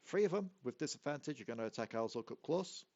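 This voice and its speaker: A man runs a tabletop game, his voice sitting at an ordinary middle pitch. He describes the scene in a relaxed, easygoing way. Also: fast talker, lo-fi sound, a little hiss or hum. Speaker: game master.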